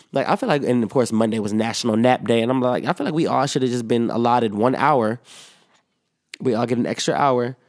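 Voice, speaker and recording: A man's voice: mid-range voice, darkish tone, no room sound. Tired guy talking on his podcast, kinda sick, swears a lot, um-ing, mid voice, dry mic. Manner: rambling, profane, frequent fillers and restarts. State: sleepy, yawning; slightly sick. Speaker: podcast host. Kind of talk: casual solo podcast monologue.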